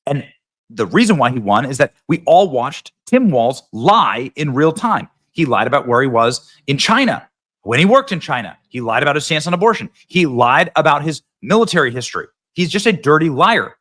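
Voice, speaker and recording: Man, political commentator, sarcastic, animated delivery, bright tone. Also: fairly high pitch, normal speed. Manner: mocking, sarcastic, mimics voices.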